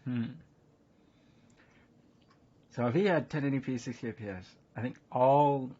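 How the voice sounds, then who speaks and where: A man's voice: mid-range voice, a little mellow, slightly rough. A man streaming a card game and chatting casually with his chat, rambling between thoughts. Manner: rambling, laughs hard at chat. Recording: dull lo-fi stream audio with faint noise.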